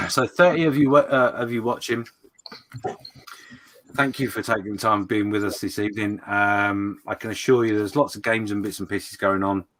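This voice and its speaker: Brief: male stream host, clear bright tone, easygoing, reads out viewer comments and laughs often. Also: on the low side, fairly even intonation, moderate pace, slight background noise. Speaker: livestream host. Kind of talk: casual livestream chat.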